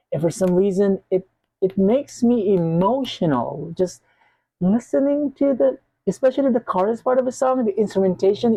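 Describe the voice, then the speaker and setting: A man's voice: high-pitched, warm tone, no room sound, rough recording. A man hosting a reaction video, talking casually and emotionally straight to his viewers and gushing over what he hears.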